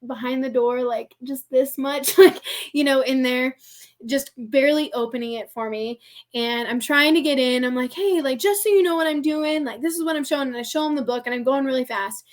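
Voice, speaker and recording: A young American woman with a high voice tells a story on a podcast. She is chatty and casual and fills her speech with "like". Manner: chatty, heavy use of "like", laughs often. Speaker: podcast guest.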